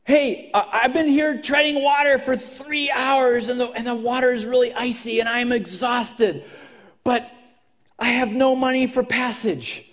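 A man's voice: extremely high pitch, fairly even intonation, measured pace, fairly bright tone, pitched above the performer's own voice. A man voicing an exhausted man treading icy water, weary and pleading.

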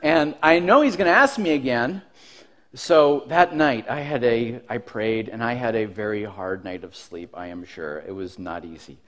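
A man preaching a sermon, telling a personal story in an animated, self-mocking way and often laughing as he tells it. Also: medium pitch, moderate pace. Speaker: pastor.

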